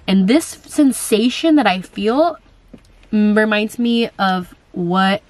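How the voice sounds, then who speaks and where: A woman's voice: medium pitch, lively intonation, slow, darkish tone, dry recording. Chatty young woman vlogger, dry close sound. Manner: chatty, lots of fillers and quoted asides. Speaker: vlogger answering viewer questions. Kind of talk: casual chat.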